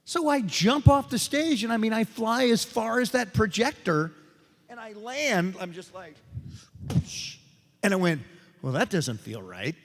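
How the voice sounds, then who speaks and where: Brief: male voice actor on a panel, fairly high and very lively delivery, reverberant hall. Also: unhurried. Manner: animated, joking storyteller who acts out quoted voices. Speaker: voice actor convention panel guest. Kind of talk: convention panel storytelling and Q&A. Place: convention panel room on a stage.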